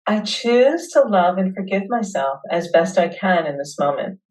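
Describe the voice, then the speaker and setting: A woman hosting a webinar, leading listeners through a guided tapping session with slow, soothing affirmations. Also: lowish voice, lively intonation, a little mellow, distant mic, poor audio.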